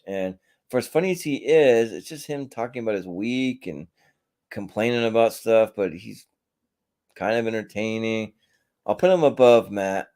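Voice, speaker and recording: Offhand, rambling man, fairly low voice. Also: a little mellow. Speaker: podcast host. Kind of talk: casual solo ranking chat.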